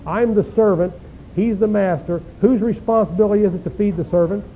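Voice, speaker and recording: A man preaching a sermon, reading scripture aloud and breaking in with folksy rhetorical questions. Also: fairly quick. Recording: tinny phone-like lo-fi recording with faint rumble.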